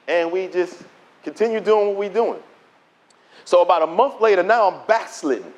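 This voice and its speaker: A middle-aged man giving his testimony as a preacher, telling the story in an animated way and acting out the dialogue. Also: high voice, normal speed. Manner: animated storytelling, acts out dialogue in quoted voices. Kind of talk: preached testimony to a conference audience.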